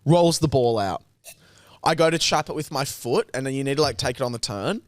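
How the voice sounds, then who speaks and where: A young man, co-hosting a podcast, telling a story in casual chat, animated and sweary, acting out other people's lines. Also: medium pitch, fairly quick, no echo. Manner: animated, sweary, acts out quotes. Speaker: podcast co-host.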